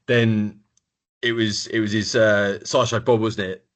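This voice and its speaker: A man co-hosting a casual podcast chat, stumbling and repeating words as he talks. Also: on the low side. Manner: halting, repeats words, animated. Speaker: podcast co-host.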